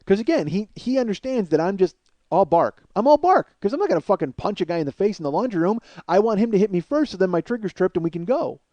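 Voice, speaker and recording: A middle-aged man hosting a comedy podcast, telling a story in a profane, excitable rant. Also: high-pitched, fast talker, dry recording.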